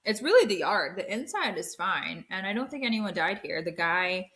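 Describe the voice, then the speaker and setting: A young woman, a podcast co-host, chatting casually and telling an eerie story in an animated way, peppered with "like". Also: lowish voice, normal speed. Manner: animated storytelling, acts out quoted voices, frequent "like".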